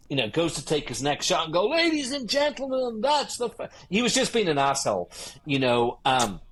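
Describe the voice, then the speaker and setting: Husky man in his fifties. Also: medium pitch. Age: 50s. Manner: swearing, animated anecdotes. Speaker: guest wedding photographer. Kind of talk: casual interview storytelling.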